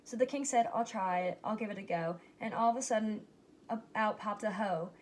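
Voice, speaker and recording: A woman reading a rhyming picture book aloud, giving its characters lively but plain voices. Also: medium pitch, brisk. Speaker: reader.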